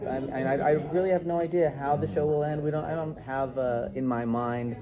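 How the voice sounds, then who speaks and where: Dry-humored middle-aged showrunner. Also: male voice, on the high side, steady tone, highs cut off. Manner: dry joking, halting with restarts. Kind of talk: press interview. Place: busy convention press room. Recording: crowded convention room noise. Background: crowd chatter.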